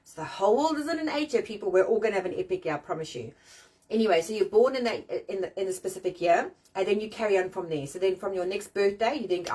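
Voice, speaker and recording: A woman's voice: medium pitch, breathy edge, recorded from a distance. A middle-aged woman hosting a casual live-stream chat, talking bluntly and swearing freely as she rants and jokes. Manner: blunt, sweary, animated ranting. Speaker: host of a live chat show. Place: outdoors in the rain.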